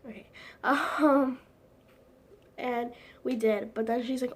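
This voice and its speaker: A woman's voice: fairly high pitch, fairly even intonation, slow, long pauses. A teenage girl chatting casually to camera at home, rambling with lots of "like" fillers and giggles. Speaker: vlogger.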